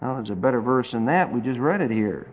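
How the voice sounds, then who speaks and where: A man preaching a verse-by-verse Bible study with dry, folksy humor, reading scripture slowly. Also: medium pitch, lively intonation. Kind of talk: verse-by-verse Bible teaching sermon. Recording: dull lo-fi tape recording.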